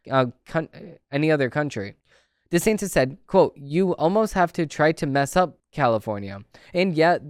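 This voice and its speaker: A man with a somewhat high, resonant voice reads political news aloud on his podcast. He trips over a word here and there and breaks off into casual, opinionated commentary. The sound is dry, with no room echo. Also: clean tone. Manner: opinionated, conversational asides between read passages; stumbles and restarts words when reading. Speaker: podcast host.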